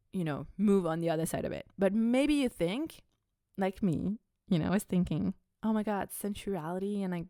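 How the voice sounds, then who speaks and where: A woman's voice: medium pitch, dry recording, studio quality. A young adult woman hosting a podcast, talking candidly and casually, swearing freely and filling her sentences with "like". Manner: chatty and candid, swears freely, many "like" fillers. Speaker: podcast host. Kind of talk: casual confessional podcast talk.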